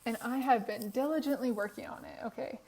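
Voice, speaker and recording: A woman's voice: fairly high pitch, fairly quick, a little mellow, husky, poor audio. A tired young woman with a worn voice, chatting casually in a voiceover about a game build, laughing often, recorded on her phone in her apartment. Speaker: Sims speed build creator. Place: apartment room.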